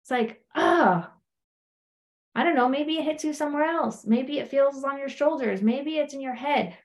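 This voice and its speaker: A woman's voice: sits high, brisk. A woman, married, teaching a self-inquiry method in a conversational way, often asking "right?" and acting out quoted lines. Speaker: coach.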